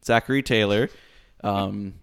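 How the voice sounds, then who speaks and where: A man co-hosting a podcast, recapping a movie plot in a relaxed, wry way. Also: fairly low pitch, measured pace, smooth. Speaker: podcast co-host. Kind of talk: casual movie review chat.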